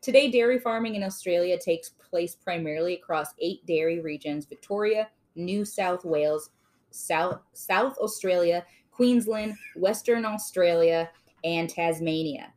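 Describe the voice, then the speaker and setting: A woman's voice: on the low side, unhurried, darkish tone. A woman hosting a casual podcast, reading aloud with playful, jokey asides. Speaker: podcast host.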